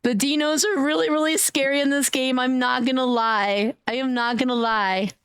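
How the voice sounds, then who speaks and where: A young woman streaming a game, chatting in a bubbly, excitable, giggly way. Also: high voice, moderate pace, smooth, dry recording, clean studio sound. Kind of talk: casual live-stream chat.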